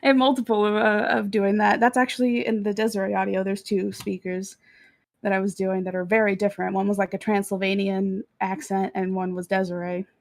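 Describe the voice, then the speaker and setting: A chatty woman from Texas, guesting on a podcast as a voice actor, talking in quick bursts with frequent laughs. Her mid-range voice carries a gravelly vocal fry. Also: mid-range voice, flat delivery. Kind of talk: casual podcast chat.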